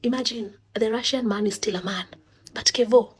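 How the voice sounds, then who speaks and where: A woman's voice: a little high, moderate pace. A woman with a Kenyan accent giving a sarcastic, indignant opinion monologue, switching between English and Swahili. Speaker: social commentator.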